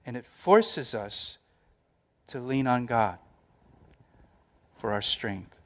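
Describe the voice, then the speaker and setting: A man's voice: medium pitch, animated, slow, long pauses. A middle-aged male pastor preaching a sermon, repeating phrases for emphasis and raising his voice in quoted lines.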